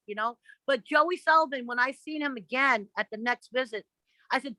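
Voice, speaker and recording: Bright, blunt New woman. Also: on the high side, brisk, no echo, rough recording. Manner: blunt, profane and animated, acting out the voices of others in her stories. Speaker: interview guest. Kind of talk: casual interview storytelling.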